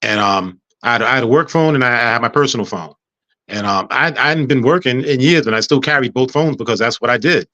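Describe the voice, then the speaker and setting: A man's voice: medium pitch, fast, bright, forceful tone, dry recording. A man who is a guest on a talk show, telling a personal story with humor and acting out the dialogue. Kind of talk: casual storytelling interview. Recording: dull lo-fi sound.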